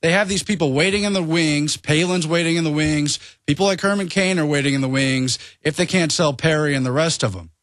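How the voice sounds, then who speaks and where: A male reporter on a talk radio show giving brisk commentary that lists facts. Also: fairly high pitch, a bit bright, no room sound, clean studio sound.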